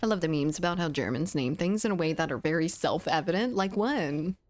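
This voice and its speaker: With a deep, expressive voice and a brisk pace, a woman from the southern United States speaks in a mild Southern accent. She's streaming a game, chatting casually with her chat and laughing a lot.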